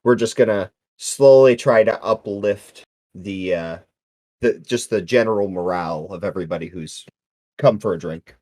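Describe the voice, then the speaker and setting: Low voiced guy playing a tabletop game, dry sound, kinda rambly. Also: moderate pace, darkish tone, no room sound. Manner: casual, rambling with fillers. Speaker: player. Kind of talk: casual tabletop play.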